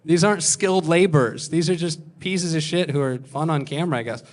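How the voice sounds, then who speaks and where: A young man tells stand-up stories about himself from a comedy club stage. He mocks himself and jumps into other people's lines with quick put-on voices. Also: fairly high pitch. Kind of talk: stand-up storytelling.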